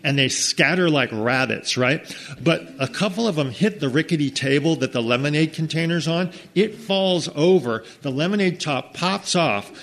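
A man's voice: a little high, normal speed. Man telling a personal story, chatty. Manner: conversational, frequent "okay?" asides, lively quoted voices.

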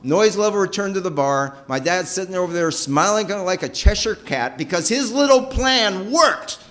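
A middle-aged man telling a personal story with emotion. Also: normal speed. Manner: emotional, animated, pitch rising and falling sharply.

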